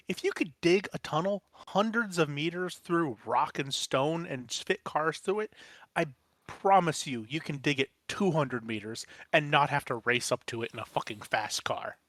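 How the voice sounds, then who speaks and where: A man talking on a podcast over a video call, his voice on the higher side. He sounds emphatic and incredulous and drops sarcastic asides. The sound is dry and close. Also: a bit bright, dry recording. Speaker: podcast co-host. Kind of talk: casual chat.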